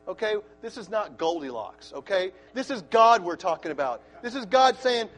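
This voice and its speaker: A middle-aged man preaching a sermon in church, excitable and folksy, breaking into shouts. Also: high voice, normal speed, hardly any pauses.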